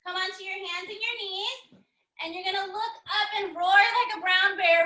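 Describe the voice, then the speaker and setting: A woman's voice: very high voice, steady tone, normal speed, sharp tone. A young woman teaching a story-time yoga class for children in an encouraging, sing-song way, recorded on her computer's microphone. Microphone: computer mic.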